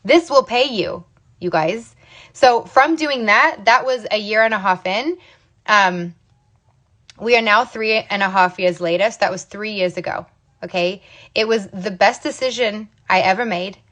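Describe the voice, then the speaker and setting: A woman's voice: mid-range voice, a little slow, a bit bright. A woman in her thirties from the United States, telling her own business story to camera in an emphatic, motivational way, often checking in with "okay?". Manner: emphatic, repeats "okay?" and "you guys". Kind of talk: casual motivational talk to camera.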